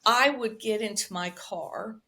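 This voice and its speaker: A woman's voice: fairly high pitch, a little slow, pushed and bright. A woman speaking as a guest somatic healer on a podcast, explaining expressively and checking in with frequent "right?" asides. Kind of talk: conversational podcast interview.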